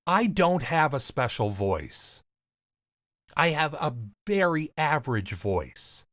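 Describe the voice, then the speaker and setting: A man with a slight lisp, coaching on voiceover in an earnest, emphatic talk to camera with deliberate pauses. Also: a little high, very animated, a bit bright, no echo, studio quality. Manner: casual, swears lightly. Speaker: voiceover coach and podcast host.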